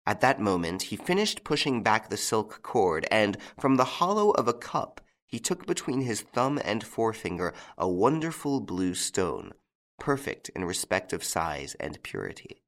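A man reading a novel aloud as narrator, with an expressive storytelling delivery. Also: lowish voice, unhurried. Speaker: audiobook narrator. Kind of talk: scripted narration.

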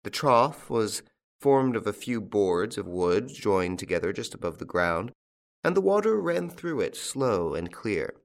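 Lowish, lively-voiced male audiobook narrator. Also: a little slow. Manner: expressive, storytelling delivery.

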